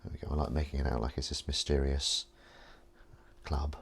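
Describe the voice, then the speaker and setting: A man's voice: very deep voice, flat delivery, a little fast, creaky, breathy edge. A man hosting a live stream at home, talking in a rambling, playful, self-mocking way. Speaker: livestream host. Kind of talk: casual live-stream chat.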